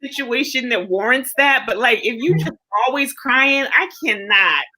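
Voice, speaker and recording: A woman hosting a casual chat, frank and lively, reading out comments and giving her own views. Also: high voice, moderate pace, poor audio.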